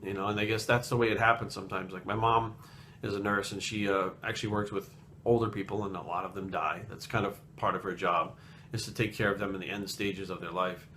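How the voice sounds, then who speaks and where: A man's voice: on the low side, fairly even intonation, fairly quick, sharp tone, a little hiss or hum. A man in his late thirties from Rhode Island, telling a personal story in a blunt, rambling way with lots of swearing. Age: late 30s. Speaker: fitness vlogger. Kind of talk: casual storytelling.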